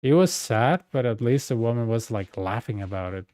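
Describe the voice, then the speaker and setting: Young man, gaming streamer, casual chatty storytelling, smooth voice, dry close recording. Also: mid-range voice, expressive, normal speed, a little mellow, dry recording. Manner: chatty storyteller, loose and conversational. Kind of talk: casual chat while playing a game.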